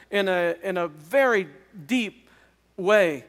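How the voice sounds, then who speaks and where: A man, a pastor, preaching a revival sermon as an earnest personal testimony, often halting and repeating words. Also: high-pitched, a bit bright. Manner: earnest storytelling with halting restarts. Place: chapel. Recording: long reverb of a chapel.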